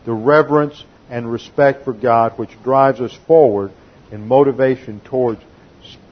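A man preaching in a measured, teaching manner. His voice sits at an ordinary middle pitch. The recording is a bit muffled and lo-fi. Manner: methodical teaching, reads scripture quotes aloud. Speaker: pastor. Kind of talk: sermon.

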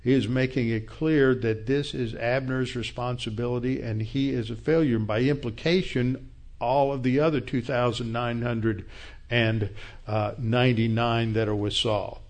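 A man's voice: medium pitch, steady tone, normal speed. A man teaching through a Bible passage as a pastor, explaining verse by verse in a conversational way with asides.

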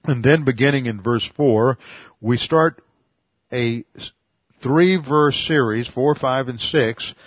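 A man's voice: mid-range voice, takes it slowly, slightly rough, dry recording, highs cut off. A man giving a verse-by-verse Bible teaching, methodically explaining Greek words one at a time.

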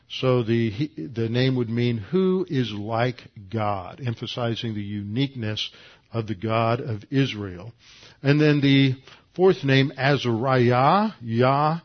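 A man preaching a verse-by-verse Bible teaching in a measured, explanatory way, with frequent fillers and restarts. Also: mid-range voice, highs cut off.

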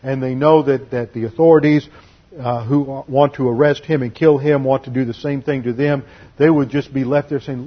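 A husky-voiced man preaches an expository Bible lesson at a measured, deliberate pace, slowing down to lean on key phrases. The recording sounds dull and lo-fi. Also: medium pitch, steady tone. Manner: measured, deliberate teaching delivery with slowed emphasis on key phrases. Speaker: pastor. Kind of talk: expository Bible teaching sermon.

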